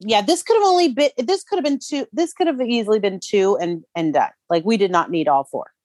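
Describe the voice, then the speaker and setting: A woman's voice: mid-range voice, fairly quick, no echo, clean studio sound. A woman co-hosting a podcast, chatting casually and bluntly about a reality show. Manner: blunt, opinionated, lively. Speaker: podcast co-host.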